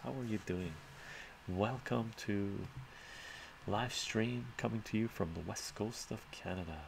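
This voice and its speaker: A man's voice: sits low, gravelly, slight background noise. A man live streaming and answering his chat in a loose, rambling way, often tagging his points with "right?" and chuckling.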